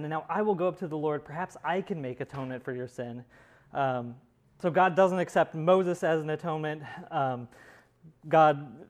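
A man teaching a group Bible study, voice a little high. He talks loosely, stopping and restarting as he explains. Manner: conversational, explains with many fillers and restarts.

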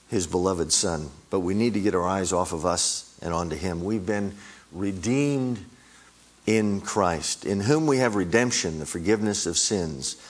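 A middle-aged man delivers a sermon at a slow, deliberate pace. His voice sits low, and he presses hard on repeated words, pushing each one higher. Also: husky. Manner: emphatic, rising on repeated words. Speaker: preacher.

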